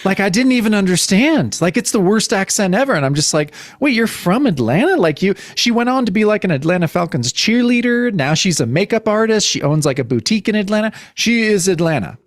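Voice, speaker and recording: An animated man co-hosts a casual film podcast and talks emphatically, with casual swearing. His voice sits a little high and sounds dry, with no room echo. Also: fairly quick, hardly any pauses. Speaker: podcast co-host.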